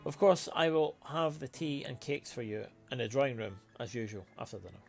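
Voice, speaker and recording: A man's voice: medium pitch, animated, a little fast, creaky, faint music behind. A man voicing a meek young housemaid who answers politely. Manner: polite, deferential.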